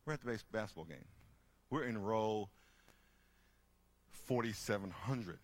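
A man speaking to a group, telling lively stories and acting out the people in them with loud bursts. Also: lowish voice, a little slow. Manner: lively, acts out characters with loud shouting bursts. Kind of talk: animated storytelling talk.

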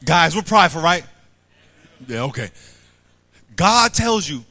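A man's voice: on the high side, a little slow, a little hiss or hum. A man preaching a sermon to a live audience, acting out little scenes, repeating himself and quizzing the crowd. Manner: animated, acts out little scenes and quotes.

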